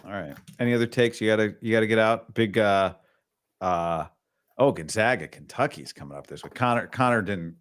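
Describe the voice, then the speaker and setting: A man's voice: fairly low pitch, fairly quick, clear, resonant tone. A man hosting a casual sports podcast, talking in a rambling way with restarts mid-thought. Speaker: podcast host.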